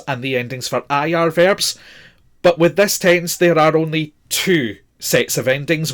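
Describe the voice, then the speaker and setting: A man's voice: on the high side, fairly bright tone. Patient man teaching a language lesson. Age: 40s. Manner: patient, spells out letters, frequent fillers. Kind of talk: explaining a grammar lesson.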